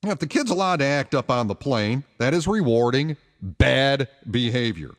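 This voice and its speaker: A man's voice: mid-range voice, lively intonation, unhurried, big-room sound. A male radio talk show host giving opinionated, emphatic commentary and taking calls. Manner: opinionated, emphatic, rhetorical questions. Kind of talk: talk radio monologue and call-in.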